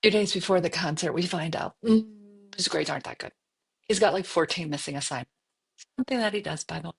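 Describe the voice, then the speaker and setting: A woman in her fifties telling a story as a podcast co-host in casual chat, animated and acting out her own inner voice. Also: on the low side, fairly quick, creaky, husky. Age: 50s.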